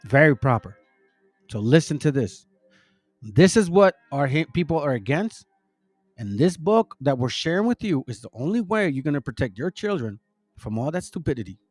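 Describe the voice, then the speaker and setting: Middle-aged man, slightly high voice, slangy rambling monologue to online followers, voices the characters in his anecdotes. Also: sing-song, normal speed, a little mellow, no echo, soft background music. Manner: slangy, addresses listeners as bro and family; retells stories acting out each character. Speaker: online religious commentator.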